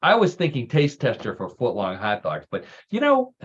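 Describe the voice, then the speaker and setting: A man's voice: medium pitch, wildly swooping pitch, normal speed, breathy edge, dull audio. A man hosting a casual radio talk show, telling stories with groan-worthy puns.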